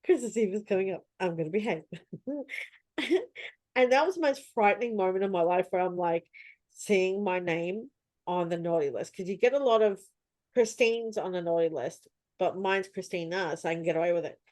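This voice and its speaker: A woman's voice: lowish voice, normal speed, a little mellow, dry recording. A woman telling stories in casual chat, acting out her own reactions with animation. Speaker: host.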